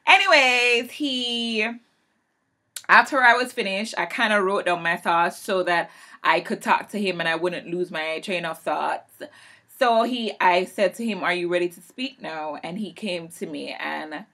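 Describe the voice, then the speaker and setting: A woman who works as an English teacher, telling an emphatic story in a vlog rant, rising loud and high when she gets heated. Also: unhurried.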